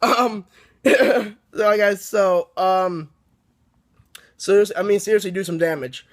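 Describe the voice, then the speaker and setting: An excitable man reviews a book in a loose, rambling way, often restarting his sentences. His voice sits fairly high for a man. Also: slow.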